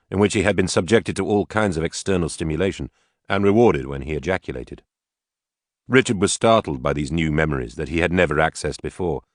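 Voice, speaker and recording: A man narrating an audiobook in a measured, steady storytelling manner. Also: low voice, no room sound, clean studio sound.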